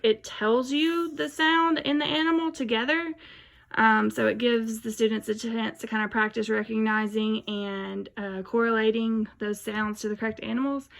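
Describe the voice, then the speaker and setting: A woman's voice: fairly high pitch, creaky. A woman reading a rhyming picture book aloud in a rhythmic, sing-song way, then explaining how to use it in a lesson. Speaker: teacher educator.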